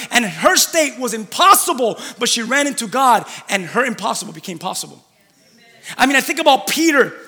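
Preacher guy, really high bright voice, lots of "and, and" restarts, long church echo. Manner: animated storytelling, repeated restarts, drops to a low quiet voice. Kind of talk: sermon.

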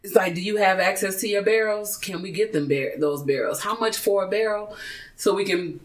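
A podcast speaker with a mid-range voice, chatting casually and telling stories with lively, joking energy. They often laugh while talking. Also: mid-range voice, moderate pace, low-quality recording. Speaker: podcast participant.

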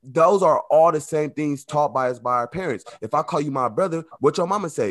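A man, formerly incarcerated, talking casually in an interview. His speech is loose and conversational, full of "like" and "you know", and he slips into lively acted-out quotes. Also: on the high side, fairly quick, hardly any pauses, no room sound, clean studio sound.

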